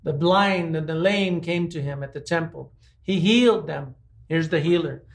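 Man, pastor, sermon, gravelly voice, a bit high, rhetorical questions. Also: moderate pace. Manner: conversational preaching with rhetorical questions.

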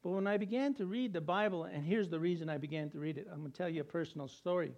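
A man's voice: a little high, quick pace, gravelly, a little mellow, muffled recording. A middle-aged male pastor from New Mexico preaching a sermon in a conversational way, repeating key words for emphasis.

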